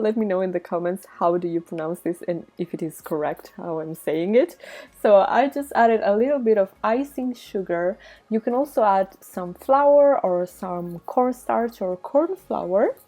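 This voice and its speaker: A woman's voice: mid-range voice, normal speed, warm tone. A woman from Italy with an Italian accent, chatting through a casual craft tutorial and explaining each step with frequent giggles. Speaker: slime-making vlogger.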